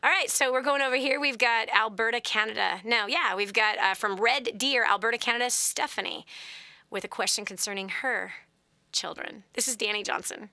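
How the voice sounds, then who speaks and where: A woman in her forties hosting a call-in advice show, telling stories animatedly and dropping to hushed whispers for emphasis. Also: a little high, normal speed, no echo. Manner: animated storyteller, dramatic swings to hushed whispers. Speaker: host.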